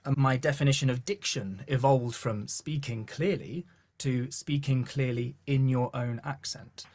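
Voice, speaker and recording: Posh southern english guy, husky voice, chatty podcast storyteller, does little voices for quotes. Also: medium pitch, a little slow. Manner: animated storyteller who acts out quoted voices. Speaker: vocal coach and gospel choir leader. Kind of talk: podcast interview, relaxed storytelling.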